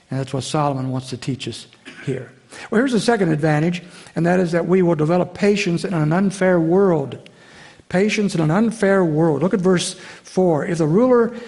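A man's voice: fairly high pitch, a little mellow. A man preaching a sermon as pastor, earnest and direct, often restarting his phrases and calling the listeners folks. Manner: addresses congregation as folks.

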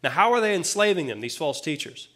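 A man's voice: fairly high pitch, big pitch swings, fast talker, a bit bright. A man preaching a sermon in a plain-spoken, conversational way, with casual asides to the congregation. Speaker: pastor.

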